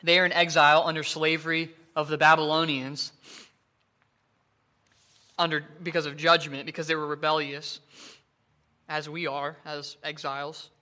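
A man preaching a sermon, earnest, with frequent fillers and restarts, slowing down and lifting his voice to stress the scripture he reads. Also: a little high, level tone, sharp tone.

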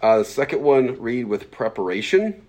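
A man in his forties, a pastor teaching a Bible class in a casual, fast-talking way, full of fillers and acted-out asides. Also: medium pitch, very animated, darkish tone. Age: 40s.

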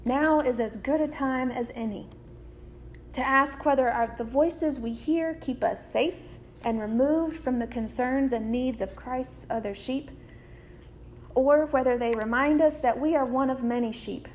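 A woman preaches with a high voice, taking her time over each phrase. Her delivery is measured and deliberate, and she leans on repetition. A faint hiss sits under the recording. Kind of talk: sermon.

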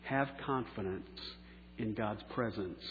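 A pastor preaching a sermon, slowing down for key phrases and letting line endings trail off softly. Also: male voice, on the low side, a little hiss or hum. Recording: echoey hall on a tinny phone-like line.

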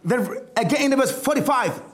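A male preacher with a very high voice, telling a scripture story in an unhurried, dramatic way. His pitch leaps and dips widely, from loud bursts to near-whispers. The sound rings around an echoey room. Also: lively intonation. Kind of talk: sermon.

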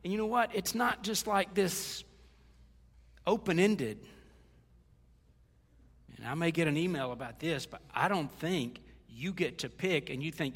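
A man's voice: fairly high pitch, expressive, measured pace, vocal fry, long pauses, slightly rough. A middle-aged male pastor preaching a sermon in a conversational, joking way, slipping into quoted asides. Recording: long hall reverb.

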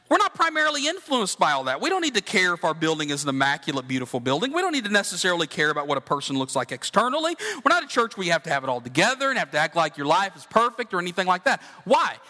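Bright high-voiced man preaching in a hall. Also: big pitch swings, quick pace. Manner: earnest, conversational preaching with direct questions to listeners. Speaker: pastor. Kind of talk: sermon.

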